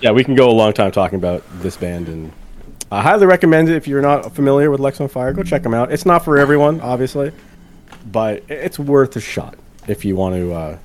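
A man's voice: medium pitch, expressive, fairly quick. A man co-hosting a casual sports and music podcast, chatty and prone to emphatic rants. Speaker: podcast co-host. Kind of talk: casual chat.

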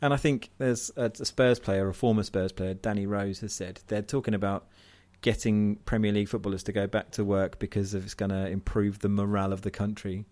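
A man's voice: on the low side, flat delivery, a little fast, hardly any pauses, a little mellow. A man from southern England, co-hosting a podcast in a wry, self-deprecating casual chat that slides into rants. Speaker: podcast co-host.

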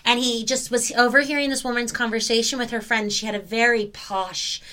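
Bright-voiced chatty woman. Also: fairly high pitch, steady tone, a little fast. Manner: enthusiastic, chatty, laughs often. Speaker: podcast co-host. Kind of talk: casual film discussion.

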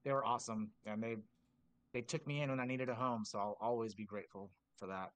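In a dry recording, a man with a mid-range voice speaks fast. He's a drumline instructor spinning casual podcast stories, full of filler words, animatedly performing quoted lines in a louder voice.

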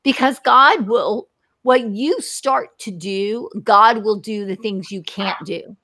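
A woman's voice: medium pitch, takes it slowly, sharp tone. A woman hosting an interview, speaking in an emphatic, frank and encouraging way. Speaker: host. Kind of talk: interview chat.

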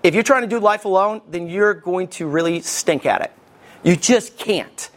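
A middle-aged man from Alabama with a Southern American accent, preaching a sermon as pastor in a conversational, lively way and talking straight to his congregation. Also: high voice, moderate pace. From Alabama, USA.

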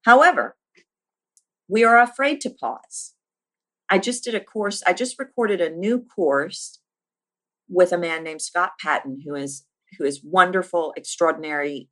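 A woman teaching about speaking as a voice coach. She talks emphatically, stacks lists with rising force and slows down with deliberate pauses on her key points. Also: low voice, a bit bright. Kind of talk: teaching monologue.

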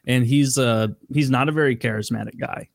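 A man's voice: mid-range voice, brisk, creaky, no echo, clean studio sound. A man in casual chat, easygoing and full of filler "like".

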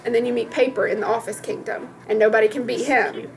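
A woman's voice: a little high, steady tone, fast talker, vocal fry, a little hiss or hum, poor audio. A woman and mother chatting casually on a podcast, gushing and giggly about a children's book. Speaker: podcast co-host, mom. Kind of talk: casual chat.

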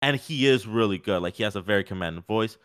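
Male podcast co-host for casual sports chat: rambling and animated, full of fillers. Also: on the low side, quick pace, clear, resonant tone.

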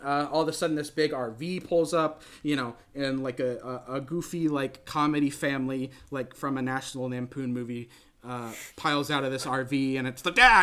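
A man casually recapping a film on a podcast, rambling and animated, dropping into silly voices for the characters. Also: mid-range voice, moderate pace. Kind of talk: casual chat.

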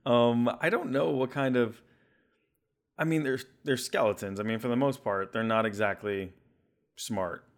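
A man's voice: mid-range voice, unhurried. A man co-hosting a casual gaming podcast, rambling and leaning heavily on "you know". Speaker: podcast co-host.

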